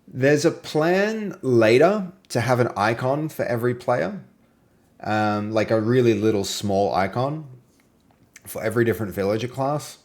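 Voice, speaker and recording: An Australian man hosting a live game-development stream, chatting casually and playfully with viewers and sometimes trailing off into low mutters as he reads and works. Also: lively intonation, a little slow, a little mellow. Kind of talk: casual live-stream chat while coding.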